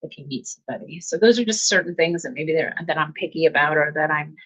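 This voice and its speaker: A woman's voice: low voice, quick pace. Earnest woman giving self-help talk. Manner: earnest, warm encouraging tone, repeats phrases. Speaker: host. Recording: slightly dull lo-fi audio.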